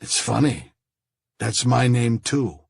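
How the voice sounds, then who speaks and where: A man's voice: medium pitch, lively intonation, slow pace, creaky, slightly rough, no echo, clean studio sound, full character voice. A man narrating an audiobook, voicing a menacing male impostor painter with a Middle Eastern accent. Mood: smug.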